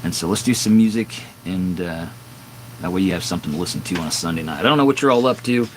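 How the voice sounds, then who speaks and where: A man in his fifties live-streams a long, candid story from his home garage, the door open at dusk. His deep voice moves at a quick pace, rambling with fillers and restarts. The low-quality audio has slight background noise.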